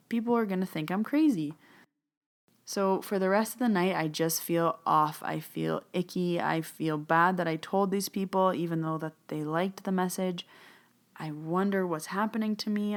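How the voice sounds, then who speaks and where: Lady talking, kinda low voice, chatty storyteller replaying what she said. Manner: chatty, retells dialogue, repeats phrases. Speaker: podcast host, medium. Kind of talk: personal storytelling.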